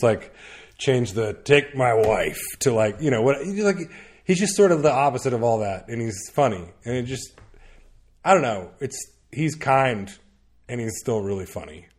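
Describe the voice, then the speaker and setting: A man's voice: lowish voice, a little mellow. A man chatting casually on a podcast, rambling with lots of fillers and restarts, laughing now and then. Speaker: podcast guest recommending media. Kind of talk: casual chat.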